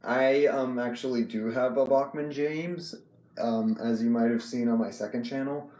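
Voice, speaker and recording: This live streamer is a man with a medium-pitched, dark-toned voice, heard in a reverberant space. He replies to chat messages while talking casually, stumbling through frequent ums and restarts.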